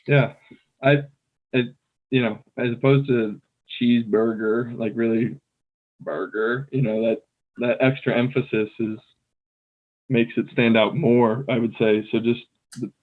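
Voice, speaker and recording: American man, podcast co-host, relaxed chatty manner, phone-like sound. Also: medium pitch, a little slow, long pauses. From United States. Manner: relaxed, filler-heavy, playfully mimics others. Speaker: podcast co-host, English native speaker. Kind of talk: casual language-learning chat. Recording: tinny phone-like call audio.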